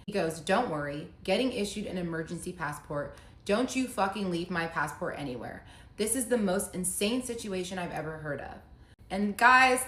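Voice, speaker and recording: A woman's voice: on the low side, fairly bright tone. A young adult woman candidly retelling a painful personal story in casual storytime style, quoting text messages with emotion. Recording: echoey room.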